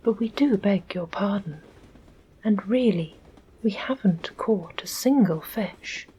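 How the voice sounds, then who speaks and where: A woman's voice: medium pitch, animated, slow, dark tone, slight background noise. Woman whispering as an earnest little girl. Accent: English. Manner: earnest, apologetic. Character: earnest, polite young girl. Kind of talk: whispered role-play.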